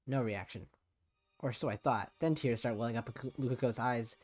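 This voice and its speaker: A man reads a visual novel aloud on stream in an easygoing, casual way, breaking off for cursing asides. His voice sits in a plain middle pitch, with faint music underneath. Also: brisk, a little mellow. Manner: casual reading with swearing asides.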